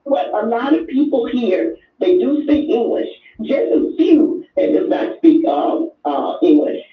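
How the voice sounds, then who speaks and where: A woman's voice: on the high side, very animated, unhurried, recorded from a distance. An older woman calling in to a show, talking with effusive emotion and repeating herself. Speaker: caller. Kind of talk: call-in chat. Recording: echoey tinny phone line.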